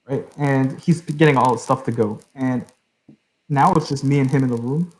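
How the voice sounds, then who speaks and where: A man's voice: mid-range voice, fairly even intonation, moderate pace, a little mellow, low-quality recording. A young adult man hosting a podcast, telling a long story in a loose, rambling way, leaning on "like" and "right?". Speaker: podcast host. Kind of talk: casual storytelling.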